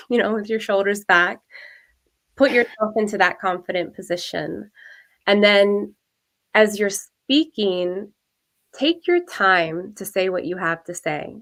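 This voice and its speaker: Woman, guest coach, measured, practical, clear. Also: medium pitch. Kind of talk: advice in an interview.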